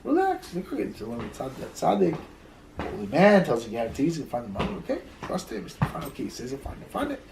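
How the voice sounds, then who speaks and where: A man's voice: fairly high pitch, big pitch swings, fast, vocal fry, noisy background. Man giving a conversational Torah class. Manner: conversational, repeats words as he searches, mixes in Hebrew terms. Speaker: rabbi teaching a class. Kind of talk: Torah class lecture with stories.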